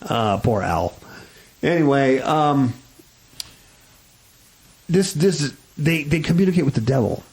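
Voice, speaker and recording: A male radio talk show host in casual banter with a co-host. His voice swings widely in pitch as he talks, sitting in an ordinary middle register, and his delivery turns sarcastic and mocking. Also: expressive, takes it slowly, pauses often, darkish tone, rough recording. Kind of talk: casual chat.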